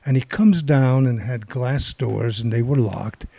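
A man's voice: medium pitch, unhurried, vocal fry, no echo. An older man telling a long rambling anecdote in casual chat, acting out the voices of people in it. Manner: rambling, animated storytelling with quoted voices.

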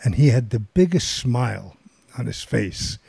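Gravelly older man telling a story. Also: mid-range voice, a little slow, no echo. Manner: rambling, animated storytelling with quoted voices. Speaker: guest storyteller. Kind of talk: casual anecdote telling.

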